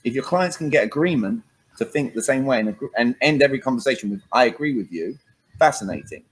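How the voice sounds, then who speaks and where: A husky-voiced man with a British accent talks in an interview as a communication coach. He speaks emphatically, drops in "all right" to punctuate his points and acts out short back-and-forth exchanges. His voice sits at a middling pitch with a slightly breathy edge. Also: animated, fast talker, low-quality recording. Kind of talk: animated interview chat.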